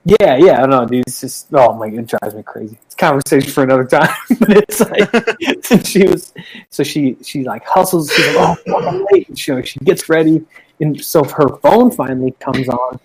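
A man in a relaxed chat among friends, a mid-pitched voice spilling into long rambling stories. He swears freely and acts out what people said along the way. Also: normal speed, breathy edge, poor audio.

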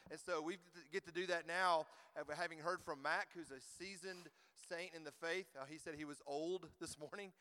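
High-voiced guy emceeing, smooth and clear, reverb from a big hall. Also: fairly even intonation, normal speed, hardly any pauses. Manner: warm-up, rallies the crowd to applaud. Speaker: emcee introducing speakers. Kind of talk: stage introduction.

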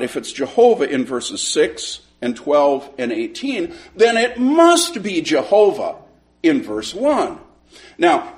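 A man teaching a Sunday school class, retelling a conversation in an animated way and often repeating words as he starts a sentence. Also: fairly high pitch. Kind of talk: storytelling Bible lesson.

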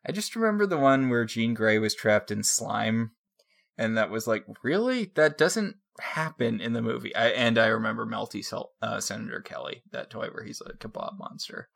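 A man co-hosting a casual podcast chat, deadpan and rambling through jokes. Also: lowish voice, moderate pace, creaky. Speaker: podcast co-host.

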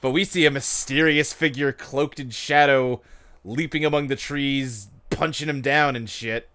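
Male podcast co-host, bright and clear, animated and chatty. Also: mid-range voice, measured pace. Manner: animated, laughing, tangents. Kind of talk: casual recap chat.

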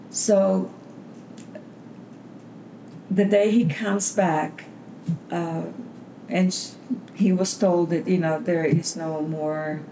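A woman's voice: lowish voice, dark tone. Older woman, from Bulgaria, rambling family story, roomy sound, faint background hum. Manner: meandering, many fillers and restarts. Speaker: interviewee. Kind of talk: personal storytelling. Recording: roomy interview recording.

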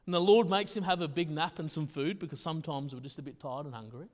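A man's voice: a little high, fast. A male pastor preaching a sermon in a casual, conversational way, often checking in with his listeners. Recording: long reverb in a hall.

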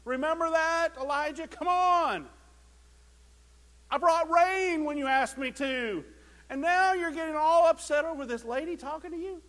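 Pastor voicing an exasperated, chiding God. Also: male voice, extremely high pitch, measured pace, a bit bright, long reverb tail, voice pushed up. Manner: exasperated, scolding.

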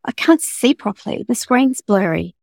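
A woman's voice: fairly high pitch, lively intonation, normal speed, creaky, a little mellow, dry recording, clean studio sound. A woman reading aloud as a terrified young woman trapped in a car boot, stammering and breathless with panic. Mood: panicked.

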